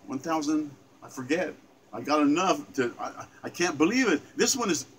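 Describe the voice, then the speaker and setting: A man's voice: fairly high pitch, lively intonation, fairly quick, a little hiss or hum, low-quality recording. A man in his seventies earnestly reciting his own sonnet, emphatic and repeating phrases with small stumbles. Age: 70s. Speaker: poet.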